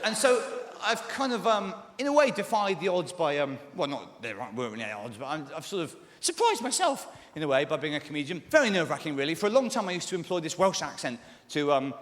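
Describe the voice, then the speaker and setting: Fast-talking man doing stand-up in a hall. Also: fairly high pitch, big pitch swings, a bit bright. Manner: rambling, hedging with lots of ums and sort ofs. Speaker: stand-up comedian. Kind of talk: live stand-up comedy. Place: large live venue on stage. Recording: echoey hall from the stage.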